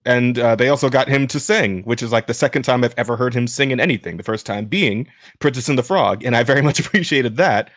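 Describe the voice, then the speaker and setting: A man hosting a podcast in casual chat with a smooth voice. He rambles with many restarts. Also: mid-range voice, fast, hardly any pauses, fairly bright tone, no room sound, clean studio sound. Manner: rambling, many restarts and fillers, laughs while talking. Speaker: podcast host.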